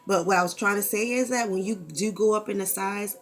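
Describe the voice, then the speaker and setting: A woman's voice: medium pitch, a little fast. A woman, talking candidly and expressively in a casual vlog and swearing freely, into a camera mic. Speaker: vlogger.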